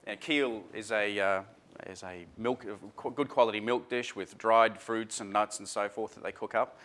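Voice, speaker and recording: A man with a fairly low voice runs a workshop in front of a live audience. He talks casually and informally, often filling pauses with "uh" and restarting his sentences. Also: a bit bright. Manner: chatty, informal, many fillers and restarts. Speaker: seminar presenter.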